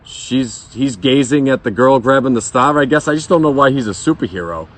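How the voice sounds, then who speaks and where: Hoarse, brash man with a Boston accent. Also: mid-range voice, brisk. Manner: brash, joking, swears freely. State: voice a bit hoarse. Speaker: beer vlogger. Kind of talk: casual beer review vlog. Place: side yard outdoors.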